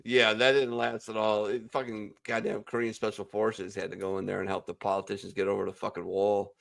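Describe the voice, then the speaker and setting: A man hosts a casual online chat among veterans over a video call from home, his lowish voice brisk, level, creaky and fairly bright. Blunt and profane, he rambles through his opinions as the podcast's host.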